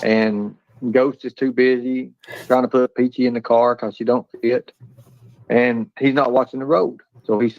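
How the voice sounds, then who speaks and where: Gravelly-voiced man rambling on a stream. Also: medium pitch, flat delivery, a little slow, no room sound. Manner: rambling, stammers and restarts. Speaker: livestream co-host. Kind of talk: casual livestream chat. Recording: dull lo-fi stream audio.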